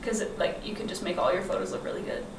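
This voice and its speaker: A woman's voice: medium pitch, steady tone, fast talker, slight background noise. A woman guest chatting casually in an interview, laughing often and filling her talk with "like". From grew up mostly in the United States. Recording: echoey room, mic from far off.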